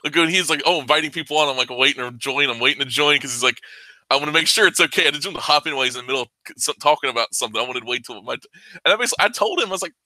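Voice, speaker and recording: Fast-talking bright-voiced man. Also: medium pitch, no room sound, rough recording. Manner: fast, excitable, swears freely. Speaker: podcast guest, comics fan. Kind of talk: casual podcast chat.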